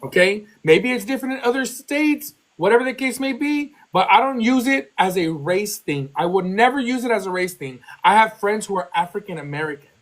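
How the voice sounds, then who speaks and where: A woman's voice: medium pitch, lively intonation, brisk, few pauses. A woman from Texas, hosting a live call and defending herself, repeating points and talking over the other speaker. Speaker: live stream host. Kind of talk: heated argument on a live call.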